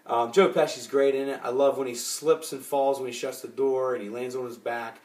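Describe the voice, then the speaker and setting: A man's voice: mid-range voice, fairly even intonation, normal speed, darkish tone. Rambling man in an echoey room. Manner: rambling, many fillers and restarts. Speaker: movie collector vlogger. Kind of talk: casual chat. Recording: roomy echo.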